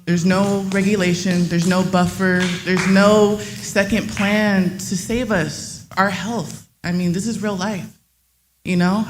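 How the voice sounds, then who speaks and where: A woman's voice: mid-range voice, fairly even intonation, measured pace, faint music behind. A woman giving public comment at a meeting in a room, speaking with passion and partly reading a prepared statement. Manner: impassioned, reads a prepared statement.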